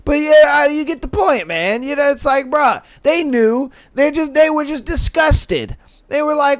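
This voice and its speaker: A man hosting a podcast, chatting casually and reading listener stories aloud in a slangy, animated way, swearing often and laughing at his own jokes. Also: extremely high pitch, measured pace, no room sound. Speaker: podcast host.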